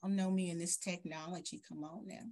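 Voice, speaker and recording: A woman, hosting a live program and telling her story in an animated, emphatic way. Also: on the low side, fairly quick. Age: 50s. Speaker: program host. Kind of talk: live talk.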